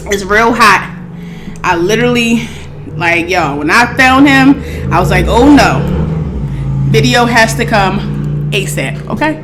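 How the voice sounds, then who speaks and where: A woman hosting an eating show, chatting casually and excitedly to her viewers, calling them y'all. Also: mid-range voice, unhurried, loud music behind the voice. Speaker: mukbang host.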